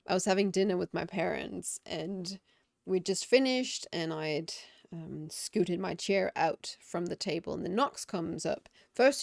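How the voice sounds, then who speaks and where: A woman's voice: fairly low pitch, creaky, darkish tone, no echo, clean studio sound. A woman game streamer chatting casually and reflectively on a live stream, often laughing.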